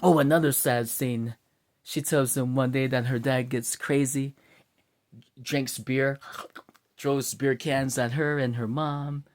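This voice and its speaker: A man's voice: medium pitch, slow. A man casually retelling a dramatic story and acting out its scenes. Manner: animated, acts out scenes.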